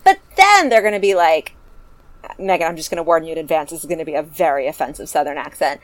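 A woman hosting a casual podcast chat, animated and joking as she urges listeners to act. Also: low-pitched, quick pace, no room sound. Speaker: podcast host.

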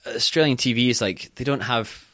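A man's voice: mid-range voice, moderate pace, a bit bright, no echo. A young Scottish man chatting casually as a podcast guest, rambling and self-deprecating, swearing freely. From Scotland. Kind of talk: casual chat.

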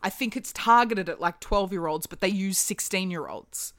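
A woman's voice: mid-range voice, moderate pace, fairly bright tone, dry recording, clean studio sound. A woman, chatting casually as a podcast co-host and telling stories with the odd curse word. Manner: chatty storyteller, swears casually. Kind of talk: casual chat.

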